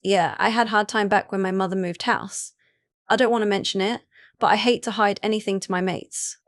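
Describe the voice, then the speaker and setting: Gentle young werewolf man, read by a woman. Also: medium pitch, steady tone, fairly quick, no room sound, clean studio sound, lightly acted. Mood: tender. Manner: soft, reassuring.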